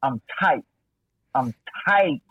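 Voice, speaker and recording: A man's voice: mid-range voice, slow pace, dull audio, crowd noise. A man in casual podcast chat, animatedly telling a profane story and acting out other people's lines. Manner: animated, profane, acts out quoted voices.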